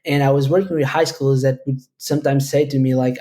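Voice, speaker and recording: A man's voice: medium pitch, steady tone, fast, mellow. A man from Portugal, answering interview questions at length in a thoughtful, rambling way with frequent restarts. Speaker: guest, educator.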